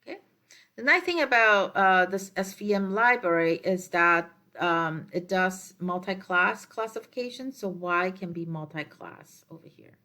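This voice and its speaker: Woman lecturing with steady explanation. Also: lowish voice. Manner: measured, explanatory, with frequent um and uh fillers. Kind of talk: recorded lecture explaining slides.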